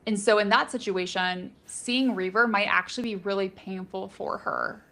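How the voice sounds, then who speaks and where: A woman's voice: mid-range voice, normal speed, gravelly, sharp tone. A woman co-hosting a casual live book discussion, speculating in a chatty way with many fillers.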